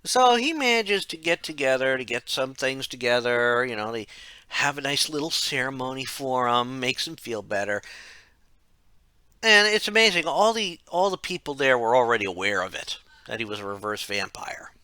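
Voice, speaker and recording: A man's voice: medium pitch, big pitch swings, normal speed, sharp tone, clear, resonant tone, no room sound. A man narrating a casual game retrospective, rambling, correcting himself and dropping wry asides. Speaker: game reviewer.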